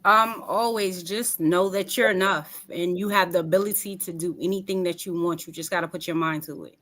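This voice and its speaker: A woman's voice: lowish voice, steady tone, a little fast, fairly bright tone. A woman from New York, a magazine founder, giving earnest, faith-filled motivational answers in an interview.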